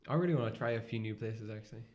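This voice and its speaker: A man's voice: lowish voice, rapid-fire, a little mellow. A young man co-hosting a podcast, chatting casually and laughing easily. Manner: laid-back, laughs easily, short reactions. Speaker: podcast co-host. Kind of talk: casual chat.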